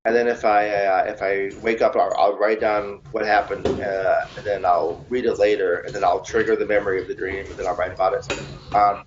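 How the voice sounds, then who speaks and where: A man being interviewed as an author, talking in a relaxed, chatty way with self-mocking humor. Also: fairly low pitch, brisk, background noise. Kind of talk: casual interview answers. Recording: dull lo-fi recording.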